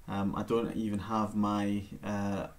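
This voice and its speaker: A man giving a relaxed, chatty live-streamed bagpipe lesson from home into his camera mic. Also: lowish voice, slow pace. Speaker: bagpipe teacher.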